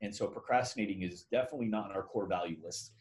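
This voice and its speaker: A man talking as a podcast guest, telling a story in a rambling, animated way with casual swearing. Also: lowish voice, racing.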